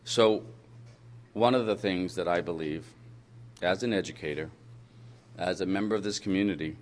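A man telling a personal story to an audience in an animated, humorous way, swinging between loud bursts and quiet asides. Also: low voice, normal speed, slight background noise.

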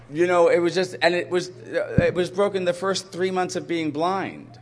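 A man's voice: sits high, steady tone, moderate pace, hardly any pauses. A man speaking into a handheld microphone to a live audience, telling a personal story with candid, self-mocking humor and banter.

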